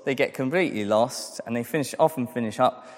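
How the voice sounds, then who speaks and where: A man's voice: medium pitch, brisk, long reverb tail. A man preaching a sermon, earnest and repeating key phrases for emphasis. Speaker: pastor.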